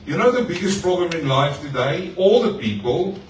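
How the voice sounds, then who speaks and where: Brief: male pastor mid-sermon, animated and chatty, heard from a distance in a roomy church hall with faint room noise. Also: high-pitched, moderate pace. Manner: lively preaching with playful asides to the congregation. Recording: echoey hall, mic far off.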